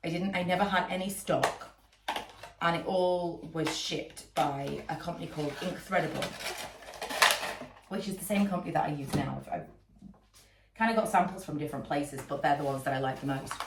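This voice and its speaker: A woman in her thirties talks in a rambling, chatty way, her voice stuffy and congested from a cold. Her voice sits a little low, and it comes from some distance off in a reverberant room. Steady background noise runs underneath. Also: moderate pace. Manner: rambling, chatty, many fillers. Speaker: vlogger and candle maker. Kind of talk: casual chat to camera. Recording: echoey room, mic a little far, noisy.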